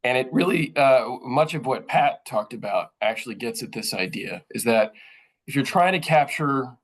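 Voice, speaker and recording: A man speaks as a journalist presenting to colleagues, his voice sitting at an ordinary middle pitch. He talks in an earnest, thoughtful way, pausing on fillers and restarting phrases as he works through his points. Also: lively intonation, rough recording. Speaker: journalist speaking at a training session.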